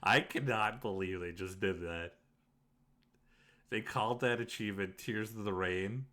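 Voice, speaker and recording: A man's voice: on the low side, measured pace, bright, forceful tone. A man streaming a game live, reacting emotionally and laughing often as he comments on the story. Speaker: let's play streamer.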